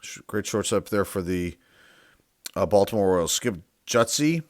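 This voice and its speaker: A man's voice: low voice, expressive, moderate pace, no room sound, studio quality. A man hosting his own channel, reading out names one by one in casual commentary and musing aloud, sometimes unsure how to say them. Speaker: sports card collector and channel host.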